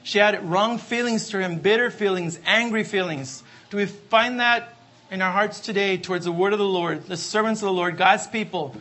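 A man's voice: high voice, normal speed, a bit bright. A man preaching a sermon, emphatic and repetitive, asking for amens. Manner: emphatic, repeats refrains, asks the congregation for amens.

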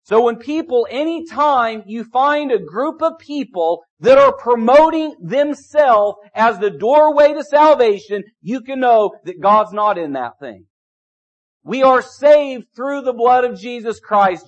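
A man preaching a sermon, repeating key phrases and asking the congregation rhetorical questions. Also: very high voice. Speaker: pastor. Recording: dull lo-fi recording.

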